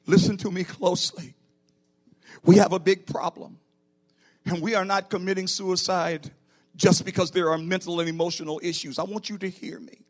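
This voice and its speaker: A man's voice: high-pitched, flat delivery, moderate pace. A middle-aged man preaching a sermon in a church as pastor, building to emphatic bursts.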